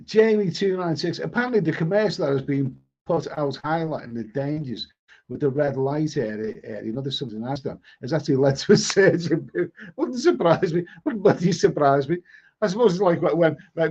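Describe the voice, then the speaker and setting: A man's voice: a little high, fairly quick, darkish tone. A middle-aged man with a Liverpool accent hosting a live stream, chatting casually and reading viewer comments, often stammering and repeating words. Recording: dull lo-fi stream audio.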